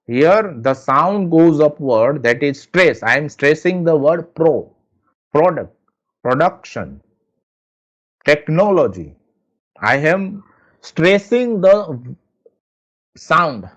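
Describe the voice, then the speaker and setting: A man teaching pronunciation, explaining slowly and repeating example words. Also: a little high, expressive, a bit bright, lo-fi sound. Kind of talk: lecture on English pronunciation.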